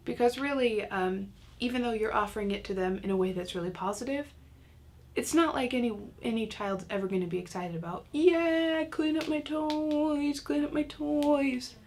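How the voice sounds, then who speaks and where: A woman's voice: medium pitch, a little fast. A woman teaching a recorded parenting lesson in a casual, chatty way with self-mocking humor.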